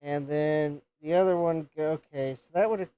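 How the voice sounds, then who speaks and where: A man's voice: fairly high pitch, normal speed, dark tone, clean tone, dull audio. A man hosting a live repair stream, thinking aloud and counting pins as he checks a circuit board. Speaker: host of a retro computer repair livestream.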